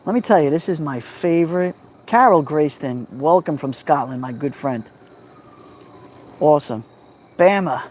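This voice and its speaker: A man's voice: fairly high pitch, a little slow, long pauses, a little hiss or hum. Easygoing New York man by a fire. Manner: greets viewers by name, calm and easygoing. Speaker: livestream host. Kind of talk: relaxed livestream chat. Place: outdoors at a backyard fire pit at night. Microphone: phone held near the fire.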